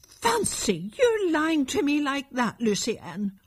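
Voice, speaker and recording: A woman voicing an anxious village mother who scolds her son, with a husky, higher voice. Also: expressive, normal speed. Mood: angry. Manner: reproachful, then angry.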